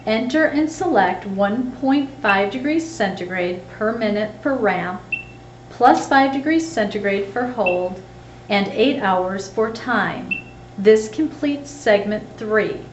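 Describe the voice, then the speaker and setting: A woman giving scripted, step-by-step instructional narration in a clear, measured way. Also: medium pitch, animated, roomy sound, highs cut off, a little hiss or hum.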